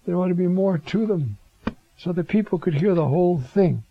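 A man's voice: expressive, normal speed, dry recording, muffled recording. An older man preaching a sermon on the prophets, acting out their words with dramatic swings of voice. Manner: dramatic, acts out biblical quotes with rising pitch.

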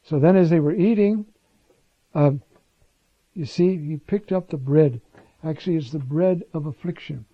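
A man's voice: a little high, a little slow, pauses often, husky, no room sound. A man teaching scripture in a conversational sermon, with informal asides and restarts, on a dull lo-fi recording.

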